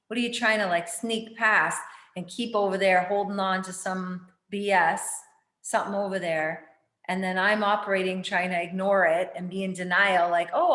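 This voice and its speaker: A woman's voice: medium pitch, a bit bright, roomy sound. A woman hosting a casual spiritual chat, rambling and chatty, with lots of fillers and casual swearing. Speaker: spiritual talk host.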